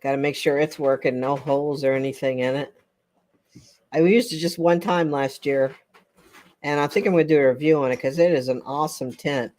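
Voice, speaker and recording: A woman's voice: sits low, steady tone, a little fast, darkish tone. An older woman hosting a casual livestream chat with viewers, chatty and rambling, often breaking into laughter. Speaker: livestream host.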